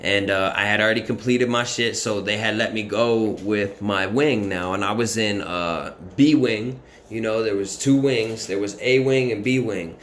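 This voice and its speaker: A man's voice: medium pitch, fairly bright tone, slight background noise. A man casually telling a story from his own life in a rambling, profane way, full of "you know what I mean" fillers.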